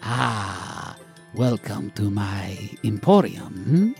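A man's voice: very animated, drawn-out words, vocal fry, darkish tone, soft background music, full character voice. A man voicing a sly female catfish shopkeeper who puts on French airs and talks theatrically. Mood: sly welcoming. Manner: theatrical, purring, swoops high and low. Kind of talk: tabletop role-play.

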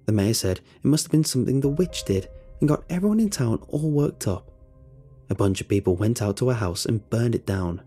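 A man reading a story aloud as its narrator, with an expressive, lively delivery. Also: mid-range voice, fairly quick, soft background music.

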